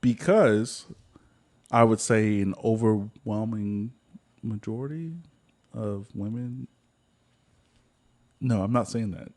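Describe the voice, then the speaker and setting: A man's voice: fairly low pitch, takes it slowly, pauses often, darkish tone. Joking laid-back podcast host guy. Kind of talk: casual chat.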